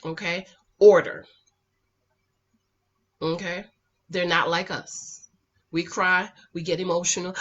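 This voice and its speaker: Sassy bright-voiced woman recapping TV. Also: mid-range voice, unhurried, pauses often. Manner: sassy, scolds the people on screen; animated, switches between loud and quiet asides. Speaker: reality TV reviewer. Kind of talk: casual recap commentary.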